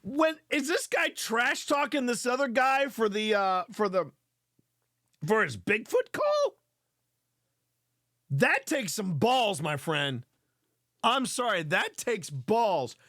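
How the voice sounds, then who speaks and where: A man hosting a live show, reacting to clips in excitable, rambling commentary full of repeated words and swearing. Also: high voice, takes it slowly, long pauses, no echo, studio quality.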